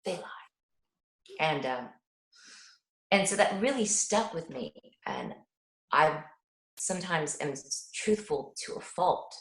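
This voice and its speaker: A middle-aged mother appearing as a parent guest answers an interviewer earnestly, bringing her stories alive by acting out little dialogues. Her voice sits low and slow with frequent pauses, in a reverberant, low-quality recording.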